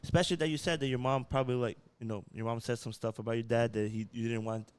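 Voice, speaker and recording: A man's voice: medium pitch, steady tone, fast talker, a little mellow, clear, resonant tone. A man hosting a podcast, asking curious, probing questions in casual chat. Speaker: podcast host.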